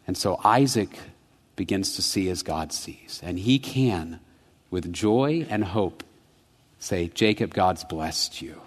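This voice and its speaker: A man preaching a sermon, telling a childhood story, swinging from hushed, slow reflection to quick, animated retelling. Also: low-pitched. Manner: storytelling, rising to animated intensity then dropping soft. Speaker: pastor. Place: church sanctuary. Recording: long church reverb.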